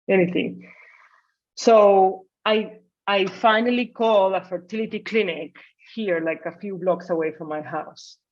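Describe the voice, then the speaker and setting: A woman in her forties tells her story as a guest in a casual interview. She sits at a middle pitch and brings back her own earlier words with lively little reenactments. The audio is slightly muffled. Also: a little slow. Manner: animated, acts out her own past dialogue. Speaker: guest, family medicine physician.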